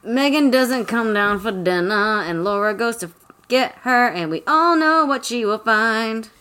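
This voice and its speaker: A woman casually summarizing a novel from her notes, with wry deadpan asides and swearing. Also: fairly high pitch, measured pace, clear, resonant tone. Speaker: podcast co-host discussing a book. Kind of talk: casual chat, reading from notes.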